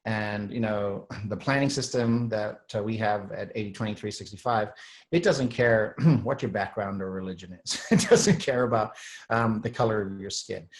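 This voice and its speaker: A low-voiced man rambling with throat clearing. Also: normal speed, low-quality recording. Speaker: host. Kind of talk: casual monologue.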